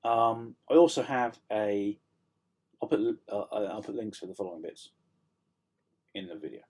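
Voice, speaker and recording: A middle-aged man from South Yorkshire talks casually to camera from a room at home. His voice is low and husky, a little croaky. He rambles in a self-deprecating way, full of ums and false starts. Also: lively intonation, moderate pace, darkish tone. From South Yorkshire, England. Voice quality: slightly croaky. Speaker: author vlogging a writing update.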